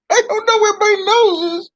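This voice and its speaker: A man's voice: very high-pitched, steady tone, measured pace, a bit bright, voice pushed up. A man voicing a whiny, melodramatic young girl puppet who wails and complains, on a dull, dry lo-fi recording. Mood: distressed.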